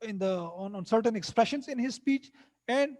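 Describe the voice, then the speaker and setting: Man, teacher, high pitch, repeats and rephrases, hesitant. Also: animated, moderate pace, a little mellow. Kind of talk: lecture mixing English and Hindi.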